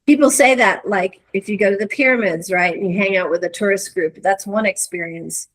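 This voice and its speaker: A middle-aged woman, a guest in a conversation, telling a reflective story with many restarts and searching pauses. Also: mid-range voice, low-quality recording. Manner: earnest, searching, lots of hedges and restarts. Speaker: interview guest.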